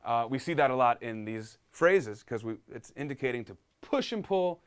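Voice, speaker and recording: A man's voice: mid-range voice, lively intonation, moderate pace, clean tone. Upbeat man teaching piano live. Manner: upbeat, reads viewer comments aloud. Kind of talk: live-streamed piano lesson.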